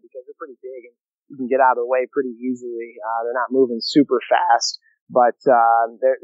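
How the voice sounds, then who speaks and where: A man's voice: medium pitch, no room sound. Laid back guy chatting about his trip, lots of uh's, muffled dull line, dry sound. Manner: easygoing, many fillers and restarts. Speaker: guest, long-distance canoeist. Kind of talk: casual interview over a remote line. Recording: dull lo-fi call audio, dry.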